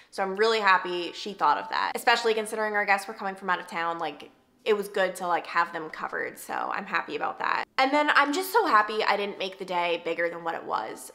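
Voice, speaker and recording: A young woman from Long Island, New York, chatting casually to camera in a vlog, her voice worn hoarse, full of "like" fillers. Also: medium pitch, pushed and bright. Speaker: lifestyle vlogger. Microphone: camera mic, sitting at camera.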